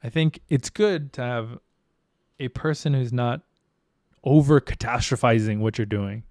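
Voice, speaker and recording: A man's voice: medium pitch, a little slow, darkish tone, no room sound, studio quality. Candid, swearing podcast host man. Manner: candid, swears freely, reflective. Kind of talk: casual chat.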